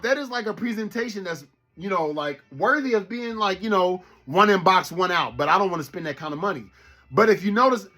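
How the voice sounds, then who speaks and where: A man, a toy collector, ranting casually to his viewers in an animated, profane, rambling way. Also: on the high side. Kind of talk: casual rant to camera.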